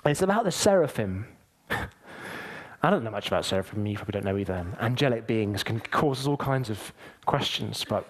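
A man's voice: on the low side, expressive, normal speed. A young man preaching a sermon in an earnest, conversational, heartfelt way.

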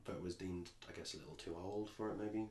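A man's voice: sits low, steady tone, brisk, a little mellow, reverberant, a little hiss or hum. An English man co-hosting a podcast, chatting casually and rambling with frequent restarts. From England. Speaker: podcast co-host. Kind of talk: casual chat.

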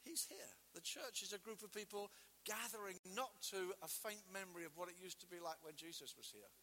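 A man preaching with fervor, his voice set high and very bright, with a sharp edge. He moves between loud declarations and hushed, intimate asides, acting out quotes as he goes. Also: fairly quick, in a large hall, slight background noise. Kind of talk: sermon.

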